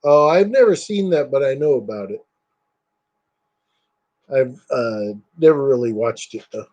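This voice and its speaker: A man's voice: mid-range voice, a little slow, a little mellow, highs cut off. A man chatting casually as he shows off collectibles, rambling with lots of fillers and plenty of enthusiasm. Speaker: collector showing items. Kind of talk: casual show-and-tell chat.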